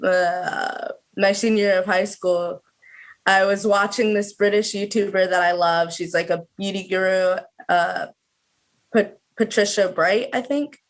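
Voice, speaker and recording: A woman's voice: medium pitch, steady tone, measured pace. Young woman, about twenty, chatty, lots of fillers, video call guest, mid-range voice. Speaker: student guest. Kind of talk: casual interview chat.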